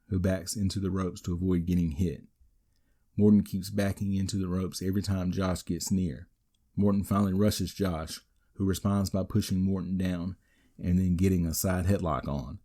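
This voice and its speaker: A man with a low, mellow voice hosts a wrestling podcast. He recaps the matches move by move in a steady, matter-of-fact way and drops the odd dry aside. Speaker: podcast host. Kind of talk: recapping a wrestling event play by play.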